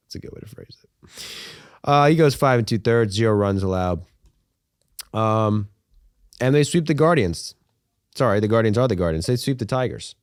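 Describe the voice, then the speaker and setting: A man's voice: lowish voice, no echo, studio quality. A man co-hosting a sports podcast, joking around and rambling in casual chat, swearing freely. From United States. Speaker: podcast co-host.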